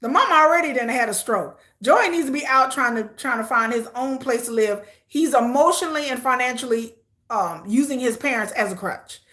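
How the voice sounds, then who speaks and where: Brief: bright, high female reactor, sassy and lively, laughs a lot, talks back at the TV. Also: fairly quick. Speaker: reaction host. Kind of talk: casual live reaction commentary.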